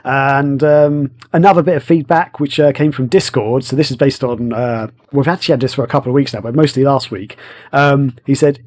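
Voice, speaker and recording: A man's voice: medium pitch, fairly even intonation, fairly quick, a little mellow. A man with an English accent, hosting a casual podcast chat, rambling with many fillers. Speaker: podcast host.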